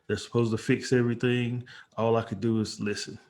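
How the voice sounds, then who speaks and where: A man co-hosting a podcast, speaking in an earnest, measured way in casual chat. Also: mid-range voice, flat delivery, darkish tone. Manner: earnest, measured, level delivery.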